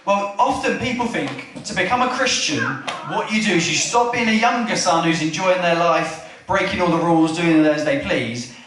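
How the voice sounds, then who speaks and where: An Englishman with a voice that sits high preaches a chatty family sermon in a church hall at a moderate pace. He often throws questions out to the room and acts out the story lines as he retells them. Slight background noise is present, and the recording is echoey, captured from far off.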